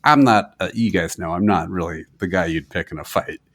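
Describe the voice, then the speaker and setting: A man co-hosting a podcast, telling a story in casual chat, swearing and acting out quotes loudly. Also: low-pitched, fairly quick. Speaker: podcast co-host.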